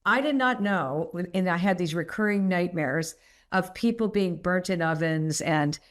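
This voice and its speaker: Chatty woman telling stories, slightly low voice. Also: unhurried. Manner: rambling, animated, laughs often. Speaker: podcast guest. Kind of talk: candid storytelling interview.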